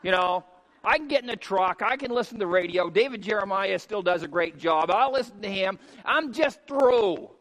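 A middle-aged man preaching a sermon as a pastor, emphatic and rising to shouts on key points. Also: high voice, fairly quick. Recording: long hall reverb.

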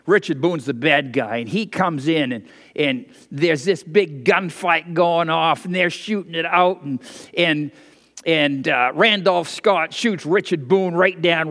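High-voiced man preaching in a reverberant hall. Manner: animated, digressive storytelling with asides. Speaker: pastor. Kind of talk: sermon.

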